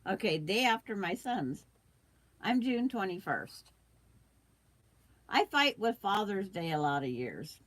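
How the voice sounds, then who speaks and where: A woman's voice: medium pitch, big pitch swings, takes it slowly, long pauses, no room sound. An older woman hosting a quilting livestream, chatting casually with viewers while she sews and trims fabric, with the hiccups.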